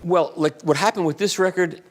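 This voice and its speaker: A man's voice: high-pitched, normal speed. A man in his sixties giving a casual, rambling talk full of anecdotes and answering audience questions at a radio museum event. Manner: rambling, anecdotal, self-deprecating. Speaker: invited speaker.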